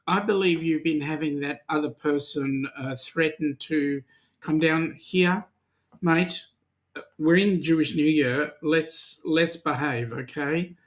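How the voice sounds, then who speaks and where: A man's voice: a little high, measured pace. A man with an Australian accent co-hosting a casual live-stream chat, greeting viewers by name and teasing them. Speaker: podcast co-host.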